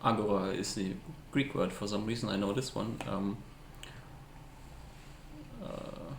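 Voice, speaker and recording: A man runs a tabletop game as game master, his low voice gravelly with fry. He narrates hesitantly and fills gaps with ums. The room is echoey, with a faint hiss. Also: fairly even intonation, measured pace. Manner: hesitant, searching for words with many fillers.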